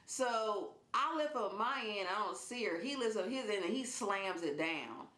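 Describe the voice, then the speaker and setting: A woman vlogger telling a personal story in a casual, animated way, laughing as she goes. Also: medium pitch, normal speed. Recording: roomy indoor echo.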